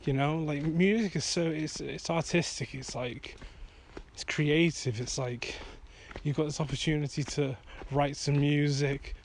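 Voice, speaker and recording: A man's voice: fairly high pitch, fairly even intonation, unhurried, a little hiss or hum. Rambling man, swearing freely. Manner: rambling and frank, swears freely, heated when ranting. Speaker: vlogger and songwriter. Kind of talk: casual rambling monologue. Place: outdoors at night, walking to a field.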